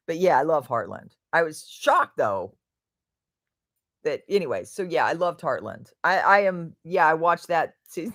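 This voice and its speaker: A woman's voice: mid-range voice, a bit bright, dry recording, studio quality. A woman hosting a casual livestream, chatting in a rambling way and answering viewer comments. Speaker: livestream host.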